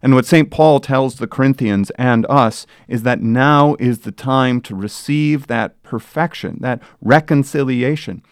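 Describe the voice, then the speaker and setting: A man's voice: mid-range voice, a little slow, hardly any pauses, smooth, no room sound, clean studio sound. Earnest male pastor preaching. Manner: earnest preaching, rising to loud sung quotes. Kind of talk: sermon.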